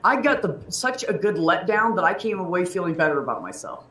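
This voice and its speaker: A man's voice: high voice, big pitch swings, a little fast, bright, forceful tone. A man telling a personal story in casual chat, candid and emotional, rambling with restarts and laughs. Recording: roomy, distant mic.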